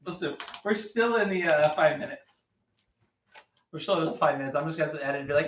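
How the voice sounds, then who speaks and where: A man's voice: a little high, fast, slight background noise. A man hosting a casual podcast over a card game, rambling and laughing often. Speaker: podcast host. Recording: roomy, distant, dull mic.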